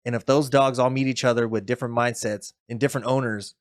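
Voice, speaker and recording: A man's voice: mid-range voice, quick pace. A man co-hosting a podcast in casual, profane chat, often acting out other people's voices. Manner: profane, animated, acts out voices. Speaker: podcast co-host.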